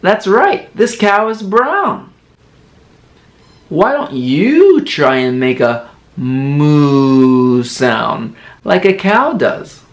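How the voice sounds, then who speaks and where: Male kids' entertainer and teacher; very slow, animated, encouraging delivery for toddlers. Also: fairly high pitch. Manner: slow, exaggerated, encouraging sing-song for toddlers; playfully imitates animal sounds. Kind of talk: children's educational video.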